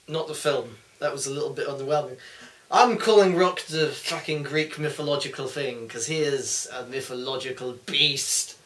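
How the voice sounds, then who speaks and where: Excitable young man, echoey room. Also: mid-range voice, a little fast. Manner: excitable, swearing, jokey. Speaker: co-host. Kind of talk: casual chat. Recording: echoey room, far from the mic.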